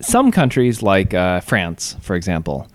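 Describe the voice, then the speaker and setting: A man's voice: sits low, huge pitch swings, unhurried. An American man co-hosting a casual chat, thinking aloud with fillers and musing over questions. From United States. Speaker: podcast co-host.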